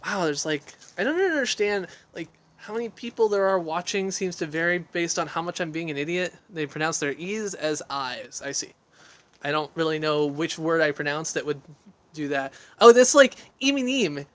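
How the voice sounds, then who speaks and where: A man's voice: on the high side, normal speed, fairly bright tone. Rambling man chatting on a selfie stick. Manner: rambling, self-deprecating, reads and answers chat aloud. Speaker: livestream host answering viewer questions. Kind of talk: casual livestream chat. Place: outdoor deck of a house. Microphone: phone on a selfie stick.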